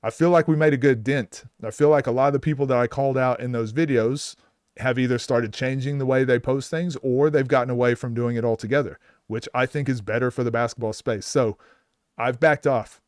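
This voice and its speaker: A man's voice: mid-range voice, fairly even intonation, a little fast, a little mellow, dry recording, clean studio sound. A man coaching basketball, giving blunt, exasperated live commentary and restarting his sentences often.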